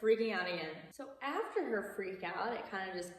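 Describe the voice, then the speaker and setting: A woman's voice: medium pitch, animated, fairly quick. Chatty young woman, echoey and distant. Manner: chatty, many "like"s and asides, laughs often. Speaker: video creator. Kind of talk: casual movie plot recap. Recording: echoey hall from far off.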